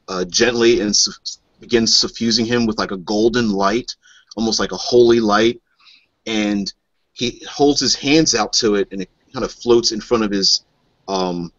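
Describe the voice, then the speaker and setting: A man narrating a tabletop game as game master, describing scenes in a halting way, heard on a dull lo-fi recording. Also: fairly low pitch, fairly bright tone, dry recording.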